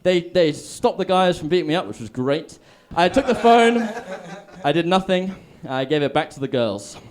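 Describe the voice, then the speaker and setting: A man's voice: on the high side, expressive, normal speed. A male stand-up comic telling a story on stage in a mock-heroic manner.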